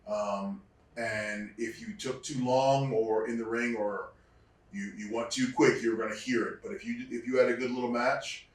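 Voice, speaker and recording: A man's voice: medium pitch, steady tone, moderate pace. Man telling wrestling stories in an echoey room. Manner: reflective, many restarts, acts out quotes. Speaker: guest, former wrestler. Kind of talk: storytelling interview. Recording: echoey room, distant mic.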